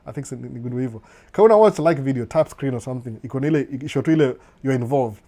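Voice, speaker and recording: Mellow-voiced Kenyan man chatting live. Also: mid-range voice, very fast. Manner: mixes Swahili and English, repeats "no, no", chuckles often. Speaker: live-stream host. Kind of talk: casual live chat reading viewer comments.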